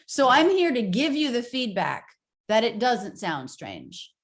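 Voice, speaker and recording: Woman, pronunciation coach, encouraging, fairly high pitch. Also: sing-song, unhurried. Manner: encouraging, demonstrates pitch with exaggerated examples. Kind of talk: accent coaching session.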